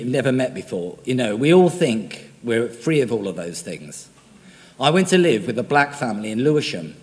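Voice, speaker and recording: A man's voice: mid-range voice, long reverb tail. An older male priest with an English accent, born in Australia, giving a conversational, self-deprecating homily with frequent fillers.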